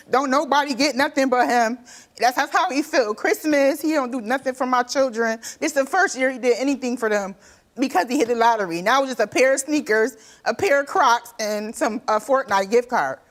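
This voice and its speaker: Talk show guest, thirties woman, slightly high pitch, animated storyteller. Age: 30s. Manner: animated, acts out quoted voices; colloquial, repeats herself. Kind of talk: emotional testimony.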